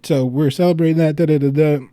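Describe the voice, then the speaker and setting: A man's voice: on the high side, fast talker, clear, resonant tone, dry recording. A man from the United States hosting a casual livestream chat, telling rambling stories with lots of laughs and swearing. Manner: animated storytelling, laughs a lot, swears freely; loose, rambling delivery with restarts. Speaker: livestream host.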